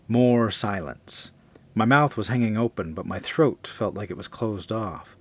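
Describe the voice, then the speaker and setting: A man narrating a first-person horror story in a measured, confessional way. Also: on the low side, slightly rough.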